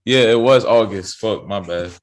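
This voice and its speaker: Young male rapper, very low voice, laid-back slangy storyteller, from South Carolina. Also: moderate pace. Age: young adult. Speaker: rapper, interview guest. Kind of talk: casual interview chat. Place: interview studio.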